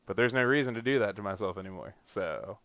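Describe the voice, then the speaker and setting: A man hosting a casual podcast, telling a story in an animated way with a lot of swearing and laughter. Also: on the low side, fast talker, no echo. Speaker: podcast host. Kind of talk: casual chat. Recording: dull lo-fi dry recording.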